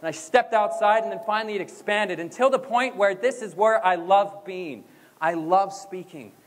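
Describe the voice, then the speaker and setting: A young man giving a motivational graduation speech, energetic and leading the crowd in chants. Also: high voice, normal speed. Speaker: motivational speaker. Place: school gym or auditorium. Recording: long hall reverb.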